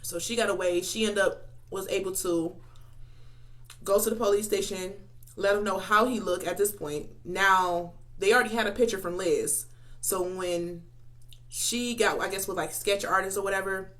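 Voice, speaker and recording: A woman in a casual eating vlog talks between bites, her speech loose and rambling. Her voice sits at an ordinary middle pitch for a woman, and she piles on fillers and restarts. The tone stays chatty and unpolished. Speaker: mukbang vlogger. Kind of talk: casual storytelling while eating.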